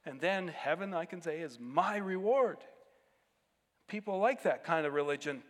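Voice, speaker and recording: A man's voice: a little high, lively intonation, moderate pace, in a large hall. A man pastor giving a conversational sermon, breaking into sudden emphatic bursts.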